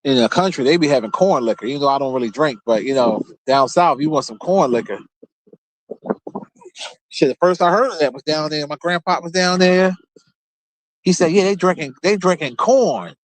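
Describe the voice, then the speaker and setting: A man's voice: on the high side, normal speed, long pauses, no echo. A man hosting his own show, telling loose, rambling stories in a casual, profane, laid-back way. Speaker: show host. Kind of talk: casual storytelling monologue.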